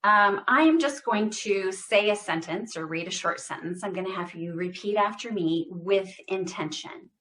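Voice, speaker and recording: This medium-pitched woman is a speech therapist leading a voice exercise class through her computer microphone on a video call. When modeling phrases she projects loudly, speaking with deliberate stress on every single word.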